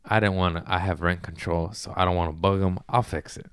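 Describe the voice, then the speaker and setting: A man's voice: low-pitched, level tone, fast, clean tone, no room sound. A young man hosting a podcast, chatting in a rambling, self-mocking, giggly way. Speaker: comedian podcast host. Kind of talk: casual comedic chat.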